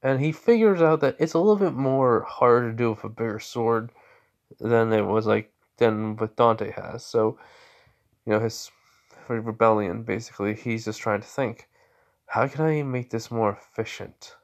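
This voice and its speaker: A man's voice: mid-range voice, fairly even intonation, moderate pace. A man improvising a fan story aloud, rambling with many restarts.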